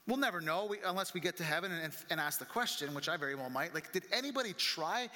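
A male pastor preaching a conversational sermon, acting out the voices of critics and climbing higher and louder as he gets animated. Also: fast, few pauses. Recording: long reverb from a large room.

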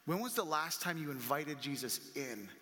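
A male pastor preaching a sermon, animated and full of rhetorical questions. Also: on the high side, moderate pace. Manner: animated, acts out quoted voices, rhetorical questions. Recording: long reverb of a large hall.

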